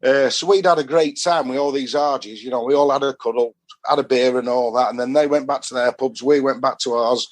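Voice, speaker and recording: A man's voice: mid-range voice, a little fast. Chatty Yorkshire man telling stories. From Doncaster, Yorkshire, England. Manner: chatty, rambling, dialect-heavy. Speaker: podcast guest. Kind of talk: casual storytelling.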